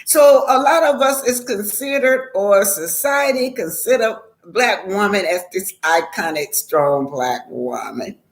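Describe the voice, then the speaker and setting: A woman's voice: medium pitch, animated. A woman talking casually on her own live stream, repeating her points for emphasis and laughing often. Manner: warm greetings, emphatic repetition, slow drawn-out phrasing. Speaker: vlogger.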